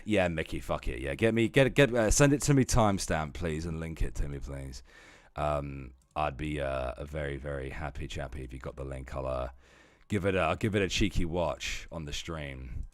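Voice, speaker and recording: A man chatting casually on a livestream, profane and rambling, jumping between loud outbursts and low muttering. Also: normal speed, dry recording.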